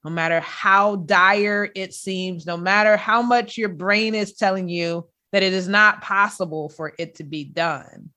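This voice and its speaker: A woman's voice: medium pitch, measured pace, hardly any pauses, bright, forceful tone. A woman hosting a podcast interview who responds in an earnest, encouraging way. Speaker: podcast host. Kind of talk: interview conversation.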